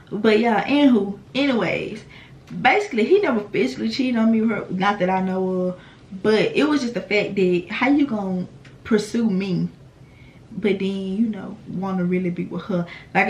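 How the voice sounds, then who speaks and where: A woman's voice: mid-range voice, darkish tone, a little hiss or hum. Young woman vlogger, mid-range voice, casual storytime, swears freely, talks straight to viewers. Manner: slangy, profane, chatty; addresses viewers directly.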